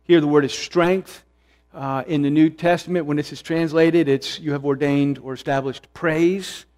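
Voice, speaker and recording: A man's voice: fairly high pitch, fairly even intonation, moderate pace, a little mellow, long reverb tail. A male pastor preaching an expository sermon, earnest and searching, with restarts and rising emphasis.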